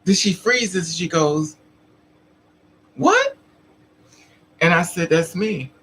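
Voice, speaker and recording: A trans woman vlogger speaks a little slowly in a voice on the low side, fairly bright and slightly rough, while casually telling her live chat a story. She laughs often and voices the other people in it, and the recording is rough.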